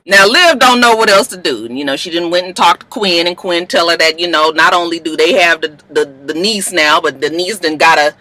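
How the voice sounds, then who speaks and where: A woman casually recapping a TV episode in an animated, chatty way, swearing freely and acting out the characters. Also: on the high side, no echo, poor audio. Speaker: TV recap YouTuber.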